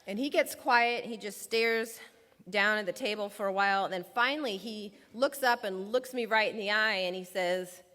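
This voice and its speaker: A woman's voice: mid-range voice, normal speed, sharp tone. A woman telling a personal story from her time as a lawyer in a public talk, vividly acting out the dialogue she quotes. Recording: long hall reverb.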